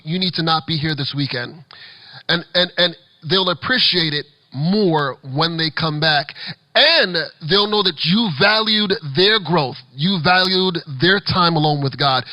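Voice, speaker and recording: A man giving an energetic, animated talk to children's ministry leaders as a children's pastor, with playful asides. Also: high voice, no echo, poor audio. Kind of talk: conference workshop talk.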